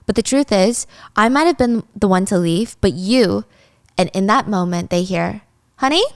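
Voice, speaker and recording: A woman's voice: mid-range voice, moderate pace, dry recording, clean studio sound. A woman telling a dramatic story in a casual way, with swearing.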